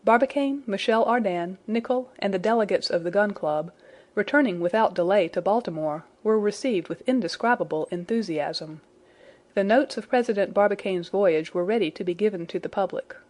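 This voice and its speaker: A woman reading a classic adventure novel aloud in a measured, even storytelling manner. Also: medium pitch. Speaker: audiobook reader.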